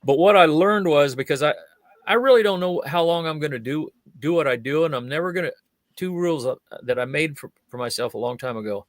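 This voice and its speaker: A guest on a chat show, this older magician and fire eater talks a little fast in a voice on the high side, with no room sound. His anecdotes are energetic, and he plays out each character's voice.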